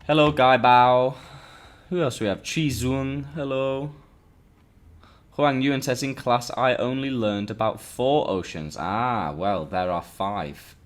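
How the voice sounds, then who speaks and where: A man's voice: medium pitch, slow pace. A man teaching a live online lesson, chatting with his students and greeting them by name as he explains.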